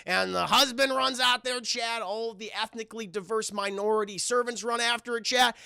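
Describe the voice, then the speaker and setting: A man giving a casual, animated, profanity-heavy spoiler review of a film and talking straight to his stream chat. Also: very high-pitched, brisk, gravelly, hardly any pauses, smooth, no echo, studio quality.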